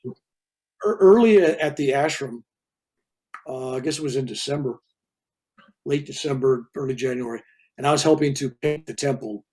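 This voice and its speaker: Give me a husky older man, a reverend, telling a story in a rambling, animated way. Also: medium pitch. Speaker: reverend and guest speaker. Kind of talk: casual storytelling interview.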